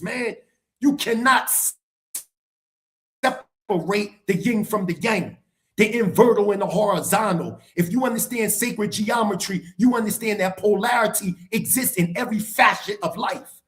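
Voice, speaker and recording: A middle-aged man holds forth in a heated live-stream debate, with a notably high voice for a man. He lectures forcefully and drives each point home by repeating it. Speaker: guest speaker on a live stream.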